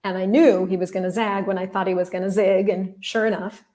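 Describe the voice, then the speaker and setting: Warm-voiced woman, chatty podcast host. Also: medium pitch, steady tone, brisk. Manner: chatty and candid, addresses listeners directly, swears casually. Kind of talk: casual storytelling monologue.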